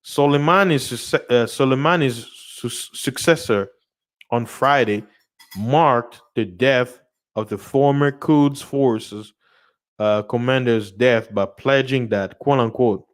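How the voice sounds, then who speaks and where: A young man talks through news stories on his own livestream, drifting off topic and repeating himself. His voice sits in an ordinary middle pitch. He laughs often and keeps the tone casual and unscripted. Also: takes it slowly. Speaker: channel host reading news.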